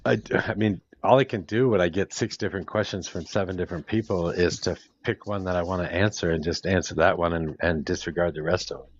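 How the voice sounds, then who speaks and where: A man's voice: deep voice, fast, few pauses, a little hiss or hum. A man hosting a casual group audio chat, talking bluntly and swearing now and then. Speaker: host of a live audio panel. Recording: dull lo-fi audio.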